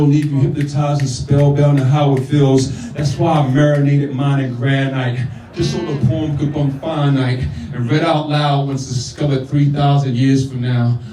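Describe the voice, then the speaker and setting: Warm and medium-pitched, a man delivers spoken word poetry in punchy declamatory style at a live venue, tossing casual remarks to the audience. His voice is picked up from a distance in an echoey room.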